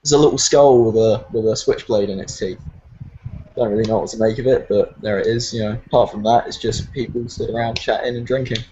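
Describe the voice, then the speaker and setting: A man's voice: fairly low pitch, fairly even intonation, fast talker, warm tone, muffled recording, slight background noise. A man with a British accent narrating as game master, rambling with many fillers.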